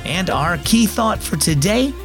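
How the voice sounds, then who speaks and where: A man's voice: high voice, expressive, a little slow, music in the background. Young man telling a devotional kids' story. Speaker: host. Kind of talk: scripted devotional narration for children.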